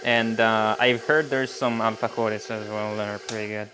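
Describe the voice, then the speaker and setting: A man's voice: lowish voice, level tone, normal speed, noisy background. A man chatting casually on a cooking live stream, joking about himself and laughing often. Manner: giggly, joking, self-mocking.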